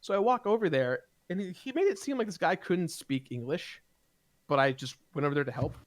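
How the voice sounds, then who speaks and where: A man casually telling a heated personal story to friends, animated and profane, with rambling restarts. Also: a little high, fairly quick, dry recording. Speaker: gaming show regular.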